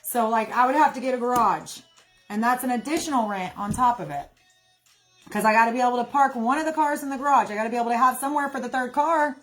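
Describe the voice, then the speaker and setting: A woman's voice: fairly high pitch, fast, soft background music. A young woman talking casually to her viewers, rambling and indignant, often saying "y'all". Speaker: livestream host. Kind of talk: candid casual monologue.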